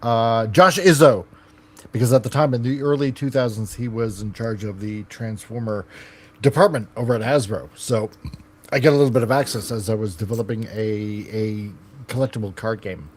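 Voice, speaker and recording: A man's voice: fairly low pitch, normal speed. A man hosting a casual podcast, rambling with lots of fillers. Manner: rambling, filler-heavy, loose. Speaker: podcast host.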